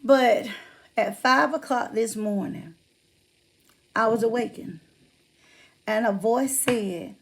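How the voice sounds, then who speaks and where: A woman's voice: on the high side, takes it slowly, long pauses, a little hiss or hum. A woman chatting casually on a livestream, greeting viewers by name and talking about her faith. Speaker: livestream host.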